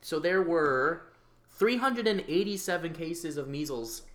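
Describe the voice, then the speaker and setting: A man co-hosting a casual talk show, joking and often jumping into high, excited exclaims. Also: unhurried. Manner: animated, jokey, bursts into high exclaims. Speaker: podcast co-host. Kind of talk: casual chat. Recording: echoey room with background noise.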